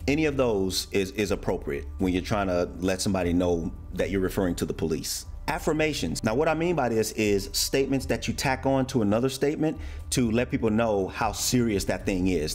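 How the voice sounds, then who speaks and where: Laid-back man with a lowish voice. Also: darkish tone. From United States. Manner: playful, acts out example phrases in shifting voices. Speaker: YouTuber explaining American slang. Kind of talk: casual explainer video.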